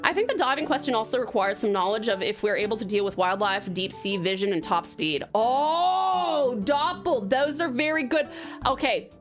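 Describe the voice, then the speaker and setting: This young woman chats casually on a live stream, her Australian accent, from Tasmania, tinged with American. Her fairly high, expressive voice keeps a normal speed over faint music. She's bubbly, laughs frequently, and calls viewers pet names.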